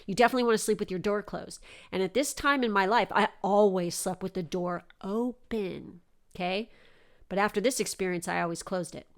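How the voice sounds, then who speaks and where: Young woman podcast host, casual storyteller, animated and profane delivery, mid-range voice. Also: mid-range voice. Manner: animated, swears often.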